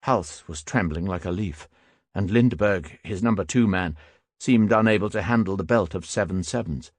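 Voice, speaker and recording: A man narrating a first-person war memoir audiobook in a steady, grave manner. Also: low voice, moderate pace, no room sound, clean studio sound.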